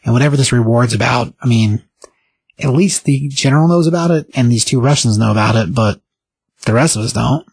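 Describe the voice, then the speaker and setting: A man hosts a casual podcast and recaps a comic book in a rambling, animated way. His voice is husky and slightly breathy, with a middling pitch. The sound is dry and close, with no room echo. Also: brisk. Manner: rambling, animated retelling with quoted character lines.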